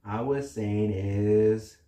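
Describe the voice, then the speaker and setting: Woman doing a slow, drowsy-calm grown-up. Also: exaggerated voice. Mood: musing. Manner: slow, low, musing, trailing off. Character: calm, forgetful grown-up caretaker of a baby star. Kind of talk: amateur cartoon voice acting. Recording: echoey room.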